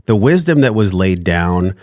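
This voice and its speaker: Male podcast host, low voice, earnest and heartfelt, dry close mic. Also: big pitch swings, unhurried, darkish tone, no room sound. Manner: earnest, heartfelt, effusive thanks. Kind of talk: casual interview chat.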